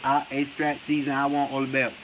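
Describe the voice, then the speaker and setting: A man's voice: medium pitch, monotone, brisk, noisy background, voice pushed down, lightly acted. A man doing a mumbling, drawling boxer. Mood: drawling mumble. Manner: drawling, hesitant, trailing filler phrases. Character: slow, mumbling, low-voiced male boxer impression.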